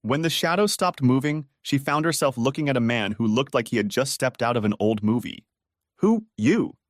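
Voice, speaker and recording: A man narrating a dramatic story audiobook in an expressive storytelling manner, dropping low on dialogue tags. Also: a little fast, dry recording, clean studio sound. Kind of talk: scripted narration.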